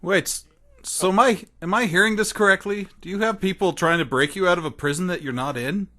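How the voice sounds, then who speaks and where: A man playing a tabletop role-playing game, joking and asking quick, puzzled questions. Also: high voice, sharp tone. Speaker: player.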